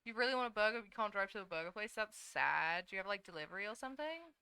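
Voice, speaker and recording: A woman's voice: medium pitch, lively intonation, racing, sharp tone, smooth, dry recording. A young woman streaming as a VTuber, chatting casually and sleepily with her viewers while she draws, swearing now and then. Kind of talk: casual live-stream chat while drawing.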